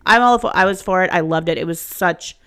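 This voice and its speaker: A woman in her thirties talks casually on a podcast, with a low voice that has a gravelly edge. She swears freely and gets animated as she tells her stories. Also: fairly quick. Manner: profane, animated storyteller. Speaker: podcast co-host. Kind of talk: casual chat.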